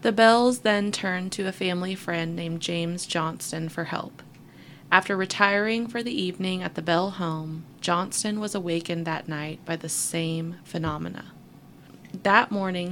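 Woman co-host, low fry-heavy voice, steady storytelling read with dry asides. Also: a little hiss or hum. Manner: reads at an even pace with wry asides. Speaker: podcast co-host. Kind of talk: reading a story aloud between casual chat.

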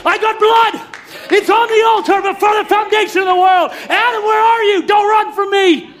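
A loving heavenly father calling out for his hiding children, as a preacher acts him out, high-pitched and loud, pleading and urgent in his shouts. The voice rings out across a sermon with tender insistence. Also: fairly even intonation, moderate pace, a little hiss or hum.

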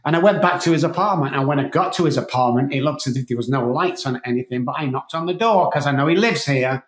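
A man being interviewed, telling his story in an emphatic, animated way. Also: medium pitch, fast talker. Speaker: guest, addiction coach. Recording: echoey room.

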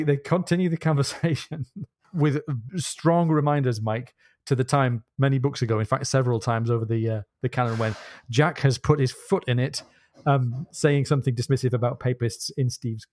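A man's voice: medium pitch, darkish tone. A man co-hosting a casual book podcast, reading passages aloud and commenting with animation. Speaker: podcast co-host.

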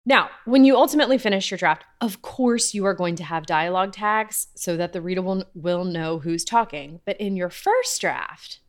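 A woman's voice: lowish voice, moderate pace, few pauses. A woman podcast host and writing coach giving casual, upbeat tips, often laughing at herself. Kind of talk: casual teaching talk.

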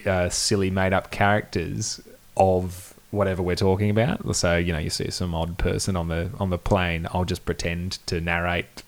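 A man's voice: low voice, level tone, moderate pace. A man chatting candidly and reflectively as a podcast guest. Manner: laid-back, candid and reflective. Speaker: podcast guest, band member. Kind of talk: casual podcast chat.

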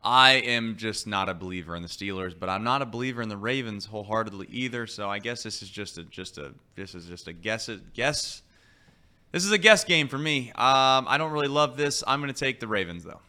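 A man hosting a sports talk show in casual chat, animated and rambling, often restarting his phrases. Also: on the low side, a little fast, clean tone.

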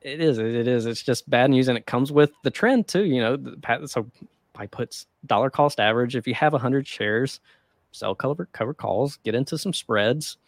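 A man's voice: medium pitch, moderate pace, no echo, studio quality. A man hosting a casual trading podcast, talking in a laid-back, rambling way with lots of fillers. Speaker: host.

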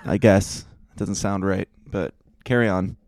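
A man's voice: sits low, steady tone, measured pace, darkish tone, no room sound. A man co-hosting a news comedy podcast in casual chat, wry and easygoing, laughing a lot.

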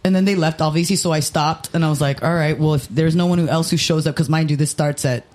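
A man telling a profane, rapid-fire story on a casual podcast, acting out the quotes. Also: on the high side, fairly even intonation, a little mellow. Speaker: podcast co-host and comedy show runner.

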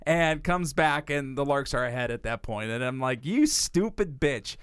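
A man co-hosting a podcast, telling a profane, animated story with frequent laughter. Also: medium pitch, normal speed, clean tone, no echo, clean studio sound. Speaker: podcast co-host. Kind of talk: casual storytelling.

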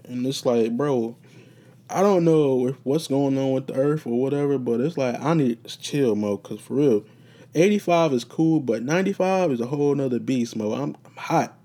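With a mid-range, dark-toned voice at normal speed, this solo podcast host rambles through stories from his room. He's laid-back and swears freely throughout.

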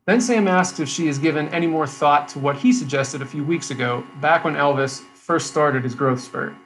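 A man in casual chat who laughs often and rambles with restarts while pitching a script to his co-hosts. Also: moderate pace, fairly bright tone, low-quality recording. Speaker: podcast co-host pitching a script.

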